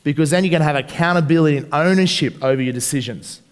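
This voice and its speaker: An Australian man giving a live seminar, energetic and asking the audience questions. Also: on the high side, quick pace, clear, resonant tone, long reverb tail. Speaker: seminar presenter. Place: large hall at a live seminar.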